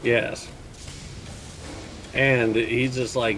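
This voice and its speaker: A man running a tabletop horror game as game master, narrating calmly and laughing with players. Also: mid-range voice, faint music behind, poor audio. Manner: slow, relaxed storytelling with laughs.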